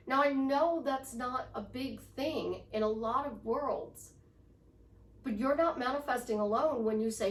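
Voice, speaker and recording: A woman's voice: high voice, normal speed. A woman life coach giving a casual motivational talk, chatty and storytelling, repeating affirmations. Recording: echoey room from far off.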